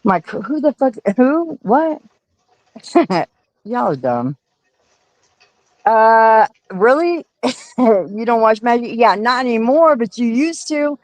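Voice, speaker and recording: A woman's voice: a little high, animated, slow pace, long pauses, a little mellow, dry recording, poor audio. Profane, confrontational woman streamer ranting. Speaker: livestream host. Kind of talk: heated livestream rant to chat.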